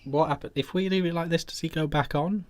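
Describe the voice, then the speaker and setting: A man with a British accent making dry, deadpan remarks in a casual chat. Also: a little high, fast, dry recording.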